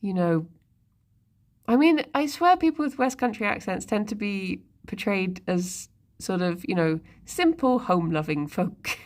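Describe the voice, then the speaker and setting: A woman's voice: mid-range voice, very animated, measured pace, a little mellow. A woman streamer in casual live-stream chat, musing aloud and talking to her viewers and pets. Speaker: livestreamer.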